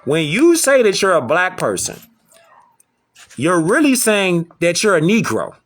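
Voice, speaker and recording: A man's voice: sits high, wildly swooping pitch, measured pace, a bit bright. A man lecturing his audience in an emphatic, preachy way, repeating rhetorical questions. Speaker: online lecturer. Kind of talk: preachy commentary to camera.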